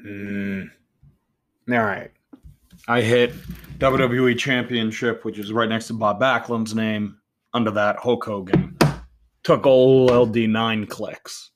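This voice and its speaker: A man hosting a show, casually talking himself through a game, swinging between loud outbursts and quiet muttering. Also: fairly low pitch, steady tone, takes it slowly, pauses often, a little hiss or hum. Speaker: podcast host. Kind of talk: casual live commentary while playing a game.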